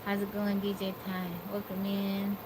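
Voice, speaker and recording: A woman hosting a casual live stream, chatting with viewers and greeting them by name, recorded on a phone in a quiet room at home. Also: medium pitch, completely flat delivery, moderate pace, noisy background. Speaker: livestream host.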